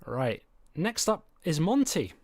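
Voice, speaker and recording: A man's voice: fairly high pitch, big pitch swings, slow, a little mellow, no echo. A man hosting a casual livestream as a series creator, presenting in a chatty, upbeat way. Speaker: series creator and stream host.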